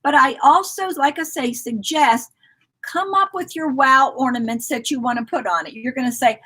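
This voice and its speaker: A chatty woman co-hosting a live decorating talk, her voice husky and slightly hoarse as she loses it. She rambles warmly through tips and eggs the listener on. Her pitch sits a little high. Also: normal speed. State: losing her voice. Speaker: co-host of a store's live decorating chat. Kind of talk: casual chat.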